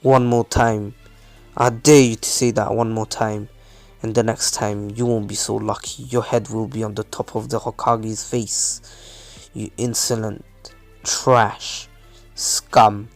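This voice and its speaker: A man's voice: on the low side, level tone, takes it slowly, vocal fry, dry recording, faint music behind, voice pushed down. A man voicing an angry, protective young male ninja who talks with cold contempt, in a dry close recording. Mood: threatening. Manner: furious, contemptuous.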